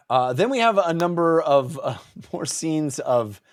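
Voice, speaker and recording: A man's voice: fairly high pitch, very animated, slow pace, no echo, studio quality. A man co-hosting a casual book club podcast, laughing often and acting out characters' lines. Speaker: podcast co-host.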